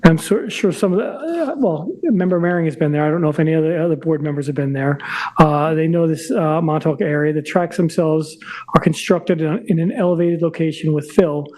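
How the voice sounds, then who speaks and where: A man presenting an application to a zoning board, hoarse and losing his voice, halting with restarts and throat clearing. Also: on the high side, darkish tone, rough recording. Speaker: applicant's representative at a zoning hearing. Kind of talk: formal presentation at a public meeting.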